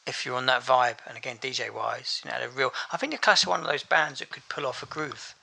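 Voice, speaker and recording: A man's voice: medium pitch, fast talker, gravelly, sharp tone. A man, a musician guest, talking in a rambling, laid-back way. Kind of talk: casual interview chat.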